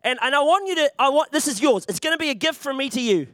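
Casting note: lively, jokey male youth preacher with a high, bright voice. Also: fast, no echo, studio quality. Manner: chatty, jokey, often restarts phrases. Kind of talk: playful youth sermon with a volunteer.

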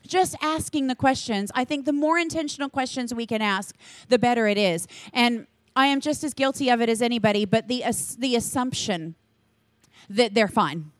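A woman giving a conference talk to church leaders in an energetic, earnest, chatty manner with quick asides. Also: fairly high pitch, no echo. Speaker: church children's ministry leader speaking to leaders.

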